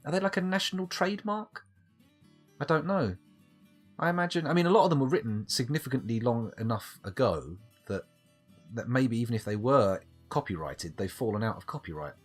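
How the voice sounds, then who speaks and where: A man's voice: mid-range voice, lively intonation, brisk, soft background music. A man chatting wryly with his live chat while playing a game, rambling from thought to thought. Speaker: streamer.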